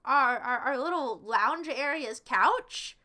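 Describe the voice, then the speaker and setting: Speaking slowly in a high, sharp voice with lively intonation, a young streamer banters casually with her live chat. She teases her viewers playfully and drops in jokey asides.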